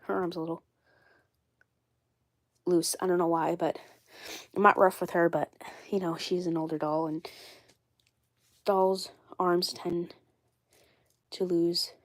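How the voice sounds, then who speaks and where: A woman's voice: lowish voice, little pitch movement, slow pace, long pauses, dry recording. A woman with a cold, sounding congested, chatting casually on a live stream and rambling with lots of fillers and repeats. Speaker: doll collector vlogger.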